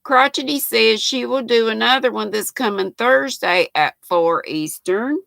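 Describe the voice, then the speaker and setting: Here a woman in her 60s from the United States runs a casual livestream, reading out viewers' comments and frequently laughing. Her fairly high voice is creaky and a bit bright, a little slow, and recorded dry.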